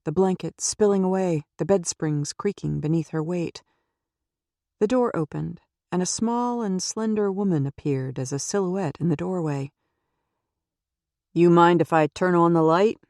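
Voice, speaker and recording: A woman reading a suspense audiobook in a steady, measured way into a close microphone. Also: on the low side, no echo. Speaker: audiobook narrator. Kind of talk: scripted audiobook narration.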